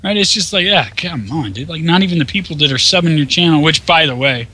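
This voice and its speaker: A man's voice: on the high side, expressive, fast, bright, forceful tone. A man co-hosting a gameplay video, chatting casually, mocking and swearing often. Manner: crude, mocking, laughs often. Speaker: let's play co-host. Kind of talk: casual profane banter.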